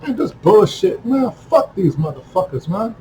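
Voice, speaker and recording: A man delivering a heated, profane monologue to camera, repeating himself and breaking into shouts. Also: sits high, sing-song, measured pace, a little hiss or hum, rough recording. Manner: heated, repetitive, swears constantly, bursts into shouting. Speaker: video commentator.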